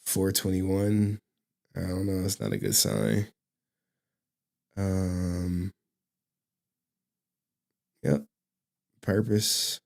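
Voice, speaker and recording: A man's voice: sits low, very animated, drawn-out words, creaky, long pauses, darkish tone. A man hosting a casual reaction stream, laid-back and rambling, laughing often. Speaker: host.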